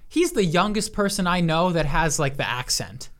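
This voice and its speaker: A man's voice: a little high, expressive, moderate pace, a bit bright. A young man from New York co-hosting a podcast, talking in a laid-back, rambling way and laughing easily. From New York, USA. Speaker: podcast co-host. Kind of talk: casual chat.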